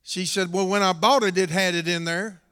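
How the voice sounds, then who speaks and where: A middle-aged man preaching a storytelling sermon in a church, dropping to a quiet telling voice and rising to shouts. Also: high voice, steady tone, moderate pace, clean tone. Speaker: pastor. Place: church hall. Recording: long hall reverb.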